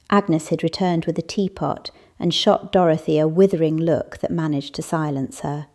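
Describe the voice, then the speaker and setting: A woman narrating a cozy mystery audiobook with an even, measured reading. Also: sits low. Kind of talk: scripted narration.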